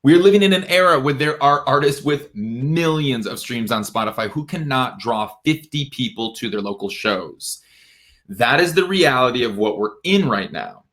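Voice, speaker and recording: A young man giving an energetic, emphatic livestream talk to musicians, dropping into low asides and jumping up into bright exclamations. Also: moderate pace. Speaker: music industry educator.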